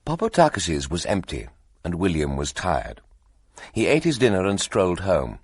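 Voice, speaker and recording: Man reading an audiobook, deep voice that swings around a lot, dry close sound. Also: slightly rough, no room sound. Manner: expressive, measured storytelling. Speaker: audiobook narrator. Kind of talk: scripted narration.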